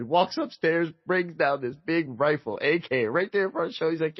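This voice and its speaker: A man's voice: moderate pace, few pauses, no echo, lo-fi sound. A man hosting a podcast, swapping sales stories in casual chat and acting out the people in them. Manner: animated storyteller, acts out quotes with big pitch jumps.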